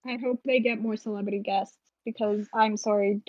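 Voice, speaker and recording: Give me a dry, dull-sounding woman co-host, animated and joking. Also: medium pitch, dry recording. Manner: animated, joking, quick asides. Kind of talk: casual chat.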